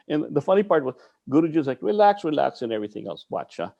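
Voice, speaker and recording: A man's voice: medium pitch, very animated, quick pace, gravelly, darkish tone. A man from the Philippines tells a story with a voice that swings widely up and down. He talks bluntly as a martial arts guest and drops curses along the way. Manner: blunt, swears freely, mixes in Tagalog curses. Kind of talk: animated storytelling.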